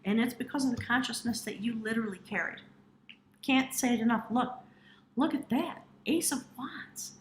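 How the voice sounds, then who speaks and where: A woman gives a tarot reading in an earnest voice that sits a little high. She talks straight to the viewer and sometimes slips into hushed, stretched-out phrases. The room is echoey, with a faint hiss under her voice. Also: moderate pace. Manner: earnest, addresses the viewer directly. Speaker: tarot reader. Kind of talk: intuitive tarot reading to camera.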